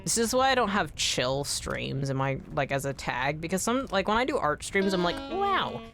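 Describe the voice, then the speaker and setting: Music plays behind a very animated woman giving live commentary on her video game stream. She talks to viewers, curses whenever she misses, and her voice leaps upward when she's irritated.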